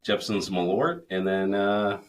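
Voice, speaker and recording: A low-voiced man hosts a casual podcast, talking loosely and swearing freely. He jokes around with his co-host and sounds a bit tipsy. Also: unhurried. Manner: loose, profane, joking. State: tipsy from drinking beer. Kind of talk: casual chat. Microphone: studio mic.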